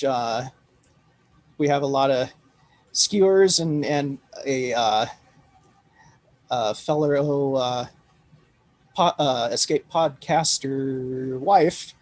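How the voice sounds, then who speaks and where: Relaxed Irish man, dry close mic. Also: medium pitch, slow pace, long pauses, dry recording. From Ireland. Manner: laughs often, easygoing. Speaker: podcast guest. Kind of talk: casual chat.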